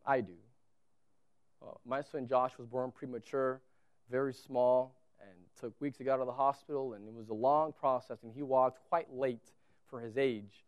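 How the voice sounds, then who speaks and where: A man preaching a sermon as a pastor in a church, telling a story with animated, repetitive emphasis. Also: mid-range voice, normal speed, smooth, no echo, muffled recording.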